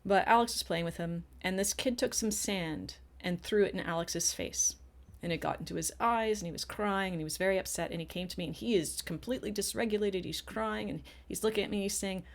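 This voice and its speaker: A woman's voice: medium pitch, fairly quick, vocal fry, hardly any pauses. A middle-aged woman co-hosting a podcast, telling a personal story in an earnest, casual way with frequent restarts. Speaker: podcast co-host.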